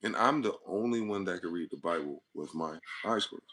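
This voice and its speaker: A man's voice: low-pitched, animated, brisk, fairly bright tone. A man hosting his own channel, talking alone in a rambling, profane monologue built on wordplay. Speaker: channel host. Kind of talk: solo monologue to camera.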